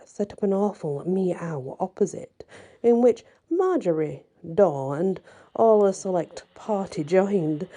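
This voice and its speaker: A woman reads a fairy tale aloud in a slow, measured way. Her voice is very dark and mellow, and her telling is expressive. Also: on the low side. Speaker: storyteller.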